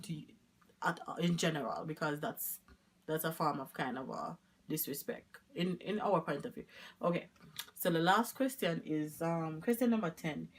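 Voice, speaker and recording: Chatty Jamaican woman vlogging. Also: lowish voice. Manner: chatty, rambling, mixes in patois. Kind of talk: casual chat to camera.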